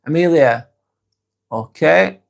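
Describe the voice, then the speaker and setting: A man's voice: on the high side, expressive, takes it slowly, gravelly. A man with a Lancashire accent, hosting a casual live stream, reading out viewer comments and answering them frankly, swearing often. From England. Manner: frank, swears freely, muses aloud.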